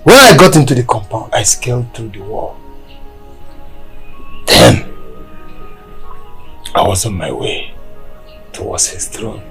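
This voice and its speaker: A man's voice: fairly low pitch, wildly swooping pitch, slow pace, long pauses, husky, faint music behind, heavily acted. An actor with a Nigerian accent playing a young man frantically telling his father how he escaped being killed. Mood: frantic. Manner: frantic, breathless storytelling with shouts. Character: young man who fled execution.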